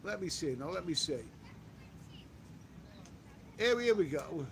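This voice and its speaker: A man's voice: a little high, expressive, a little slow, creaky, a little hiss or hum. A man chatting casually on a live stream while out walking, reading viewer comments aloud and repeating himself. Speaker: travel vlogger reading live chat. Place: outdoors on a walk.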